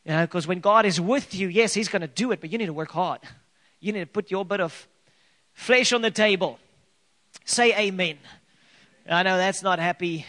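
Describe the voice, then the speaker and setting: A man with a high-pitched voice preaches a sermon to his congregation. He speaks earnestly and with emphasis, piling up rhetorical questions and drawing out key phrases. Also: moderate pace, long pauses, bright, forceful tone. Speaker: pastor.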